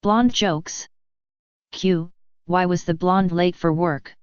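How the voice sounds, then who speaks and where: A woman reading a series of jokes in a deadpan, measured scripted narration. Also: on the low side, clean tone, no echo, highs cut off. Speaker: joke reader.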